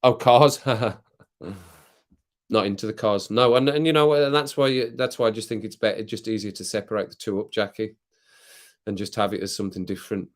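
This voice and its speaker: Late at night, a relaxed British man streams live and talks easily with the people in his chat. His voice sits on the low side and his pace is moderate; he rambles, laughs frequently, reads comments aloud, and sips rum, coughing now and then.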